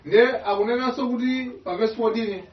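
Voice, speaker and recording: A man's voice: very high voice, a little fast. A man interpreting a sermon live, repeating each of the preacher's lines with emphatic speed. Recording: roomy, distant, dull sound.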